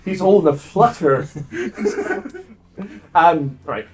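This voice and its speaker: Easygoing New game master. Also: male voice, sits high, wildly swooping pitch, extremely slow, a little mellow, soft background music. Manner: casual, rambling with fillers and laughs. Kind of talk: narrating a tabletop game.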